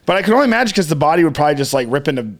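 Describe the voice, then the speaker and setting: A young man with a fairly high voice keeps laughing through casual banter. His talk rambles, full of loose asides and swearing. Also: big pitch swings, racing. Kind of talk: casual profane chat.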